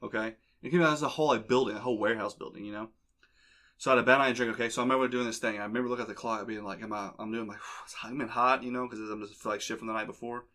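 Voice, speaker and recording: A man's voice: fairly low pitch, steady tone, racing, sharp tone. A young man hosting a podcast, telling a crude, rambling story in casual chat. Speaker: podcast host. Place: basement.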